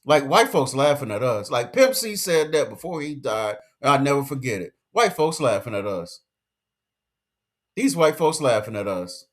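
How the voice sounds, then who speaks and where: A man's voice: mid-range voice, big pitch swings, moderate pace. A man giving a casual commentary rant, emphatic and lecturing, full of slang and repeated points. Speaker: commentary vlogger.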